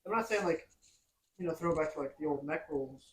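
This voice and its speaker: Fast-talking, husky man. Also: a little high, a bit bright, poor audio. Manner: quick, loose, lots of fillers. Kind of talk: casual sports chat.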